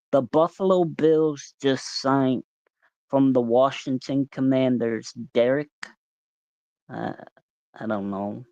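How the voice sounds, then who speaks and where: Man, slow relaxed talk, casual livestream host, rambling chat, dull lo-fi dry sound. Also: mid-range voice, no room sound. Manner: relaxed, rambling, greets viewers by name. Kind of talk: casual live-stream chat.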